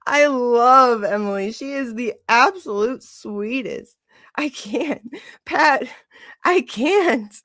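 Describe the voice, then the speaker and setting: A woman hosting a casual livestream, gushing and excitable, gasping and laughing often. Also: a little high, slow, dry recording, studio quality. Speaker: livestream host.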